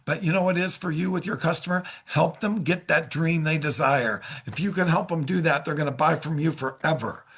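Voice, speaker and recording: A middle-aged man coaches salespeople in an upbeat, encouraging way, sometimes acting out phone calls. His voice sits a little high for a man, with a gravelly, husky texture. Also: fairly bright tone. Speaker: sales trainer. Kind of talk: sales training lesson.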